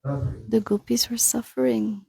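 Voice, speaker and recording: A woman translates a spiritual discourse, retelling its story in plain, repeated phrases and catching her own slips as she goes. Her voice sits a bit high but has a dark, mellow tone with a gravelly, fry-laden edge. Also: animated, takes it slowly. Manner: simple repetitive storytelling with self-corrections. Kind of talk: translated devotional sermon.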